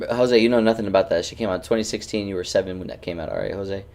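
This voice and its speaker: Deep, gravelly man teasing his stream chat. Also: very fast, a little mellow. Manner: loose, teasing banter with swearing. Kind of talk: casual gaming stream chat.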